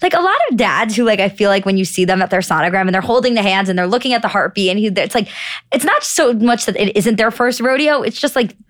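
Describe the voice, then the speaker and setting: Woman cohost chatting casually, says like a ton, swears a lot, mid-pitched voice. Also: animated, fast. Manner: rambling, heavy use of "like", swears freely. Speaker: podcast co-host. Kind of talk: casual chat.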